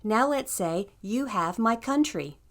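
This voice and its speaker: A woman's voice: a little high, animated, measured pace. A woman narrating a scripted language lesson in an upbeat, encouraging way. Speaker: language teacher.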